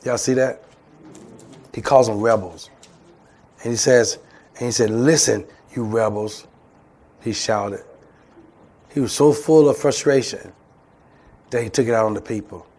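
A man's voice: medium pitch, measured pace, long pauses, darkish tone. A man preaching a sermon as pastor, calling out to the congregation and acting out voices. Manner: call-and-response preaching, acts out voices. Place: church.

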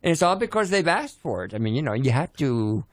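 A man with a fairly high voice and lots of pitch movement plays the straight man on a talk show, prim and earnest as he turns down the jokes. The sound is close and dry. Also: sing-song, brisk, no room sound. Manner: prim and earnest, refuses to play along. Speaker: co-host. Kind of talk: casual comedic banter.

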